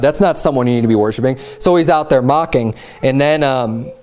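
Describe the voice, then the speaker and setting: A man preaching a sermon, retelling a scripture story in a casual, animated way and acting out quoted lines in a raised, mocking voice. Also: medium pitch, a little fast, smooth.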